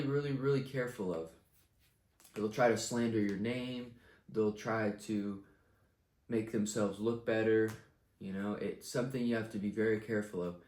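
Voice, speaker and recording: Young man, blunt, profane, confident, casual advice rant, echoey room. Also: mid-range voice. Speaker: vlogger giving life advice.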